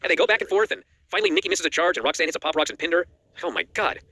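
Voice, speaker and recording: A man's voice: a little high, vocal fry. A man co-hosting a wrestling news show, recapping matches in a casual chat and acting out the quotes. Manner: rapid animated recap, acts out quotes.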